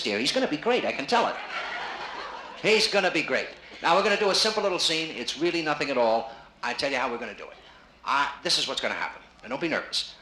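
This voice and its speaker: A man doing live stand-up comedy, teasing a man from the audience with wisecracks. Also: a little high. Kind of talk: live stand-up with crowd work. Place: casino showroom stage. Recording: live 1960s vinyl, roomy and noisy. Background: audience laughter.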